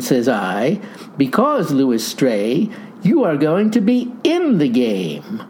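A woman with a low, mellow voice tells a comic story in the first person, leaning on grand words and folksy asides. Her delivery is slow and unhurried, yet her pitch swings widely. A faint hiss of noise sits under the recording. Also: huge pitch swings. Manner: mock-grandiose, florid vocabulary, folksy asides.

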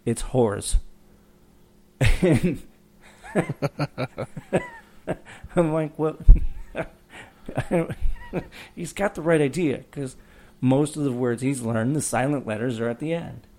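A man's voice: a little high, wildly swooping pitch, takes it slowly, long pauses, a little mellow. A man in his thirties co-hosting a podcast, telling a rambling story in casual chat and laughing along as he goes. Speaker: podcast co-host.

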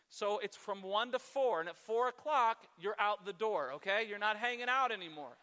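A man's voice: high voice, brisk, few pauses, pushed and bright, in a large hall. A man preaching a sermon as a pastor, conversational and self-deprecating, now and then acting out his own grumbling.

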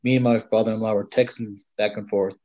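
This guest storyteller, a middle-aged man, talks fast in a fairly low, level and mellow voice. He rambles through a long personal hunting tale in casual conversation, using many fillers, on a slightly dull lo-fi recording.

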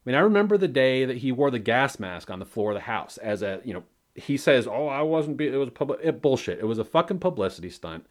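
A man talks alone into his podcast mic, rambling from thought to thought and swearing as he goes. His pitch sits in the middle but jumps up and down constantly, with a lively, animated delivery full of self-mocking asides. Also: fast talker. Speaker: podcast host. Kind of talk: solo podcast monologue.

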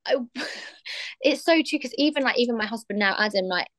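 A woman's voice: fairly high pitch, lively intonation, moderate pace, no echo. A woman in her thirties co-hosting a podcast, telling stories with frequent laughs. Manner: laughing, warm storytelling. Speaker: podcast co-host. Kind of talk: casual podcast chat.

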